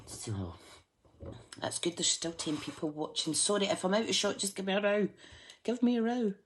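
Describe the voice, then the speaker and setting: At a moderate pace, a Scottish woman speaks in a fairly low, lively voice while showing live viewers a craft project. Her chat is casual, and she pokes fun at herself as she carries on working.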